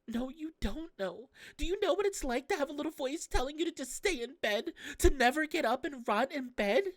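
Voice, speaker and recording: A woman voicing a distraught, depressed young woman in a game, swearing and lashing out through a high, lively voice. The sound is close and dry, with no room around it. It is intense and raw throughout. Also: fairly quick, no room sound. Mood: anguished.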